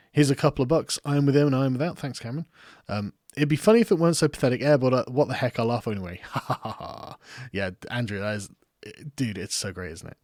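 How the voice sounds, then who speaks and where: A man's voice: mid-range voice, darkish tone, dry recording, studio quality. A young adult English man with an English accent, rambling and laughing as he reads viewer comments on a casual livestream. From England. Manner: rambling, laughs often, swears freely, self-mocking. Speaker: political commentary streamer.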